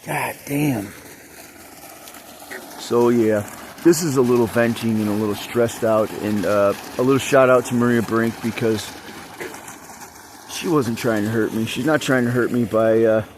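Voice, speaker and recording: A man's voice: mid-range voice, unhurried, long pauses, darkish tone, slight background noise. A man rambling and venting in an agitated monologue, swearing heavily as he talks. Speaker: vlogger.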